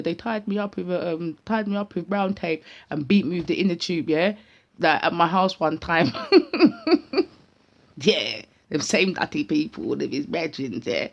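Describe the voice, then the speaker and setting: A woman with a British accent full of London street slang, telling a personal story in an animated, casual vlog. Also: low-pitched, gravelly, muffled recording.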